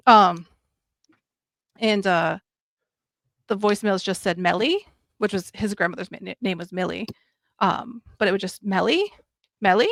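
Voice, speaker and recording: A woman's voice: mid-range voice, gravelly, dry recording, clean studio sound. A woman in her thirties, a podcast guest, telling a long story in a rambling way, with many ums and quoted lines of dialogue. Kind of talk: casual storytelling.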